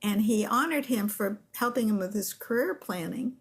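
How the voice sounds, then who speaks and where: Older female guest, animated storyteller on a podcast. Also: mid-range voice, normal speed, husky. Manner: animated storyteller who acts out quotes. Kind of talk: storytelling interview.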